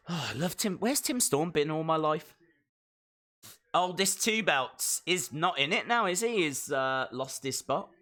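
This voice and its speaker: A man giving excitable, jokey live commentary while watching a show along with viewers. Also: a little high, a little slow. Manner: excitable, jokey, talks to himself. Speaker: live stream reactor.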